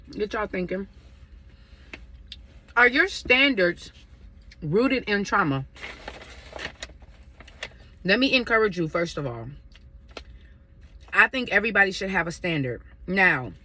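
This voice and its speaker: A woman's voice: mid-range voice, bright, forceful tone, slight background noise. A woman chatting casually to her viewers while eating a meal, giving relationship advice. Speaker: vlogger sharing advice. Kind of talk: casual chat over a meal.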